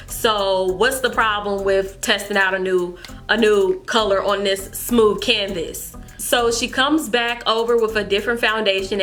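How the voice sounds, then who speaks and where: A young adult woman vlogger telling a storytime to her viewers in an animated way, repeating herself as she goes. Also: medium pitch. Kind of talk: storytime vlog chat.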